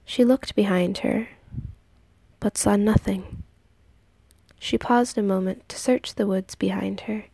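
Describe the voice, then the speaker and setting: A woman narrating a story in a soft, hushed, partly whispered reading. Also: medium pitch, gravelly, no echo.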